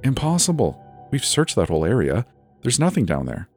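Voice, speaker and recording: A man's voice: medium pitch, huge pitch swings, a little fast, a little mellow, husky, faint music behind, voice pushed up, heavily acted. A man voicing a nervous young woman. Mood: frightened. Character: anxious young woman homeowner, curious and stubborn.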